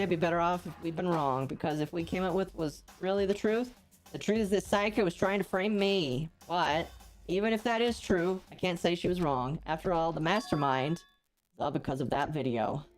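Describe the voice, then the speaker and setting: Female gaming streamer, lowish voice, acts out the dialogue and quips between lines, faint music behind. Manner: voices the characters' lines, then adds joking asides. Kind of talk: reading game dialogue aloud and reacting.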